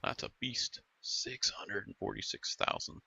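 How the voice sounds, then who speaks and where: A man's voice: a little slow, pushed and bright. A man giving casual, rambling commentary while playing a video game, musing aloud with plenty of fillers. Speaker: gaming YouTuber.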